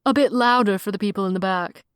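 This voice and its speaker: A woman's voice: medium pitch, fast, smooth, dry recording, studio quality, lightly acted. A woman voicing a playful, theatrical male wizard in an audiobook. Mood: teasing. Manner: teasing, theatrical.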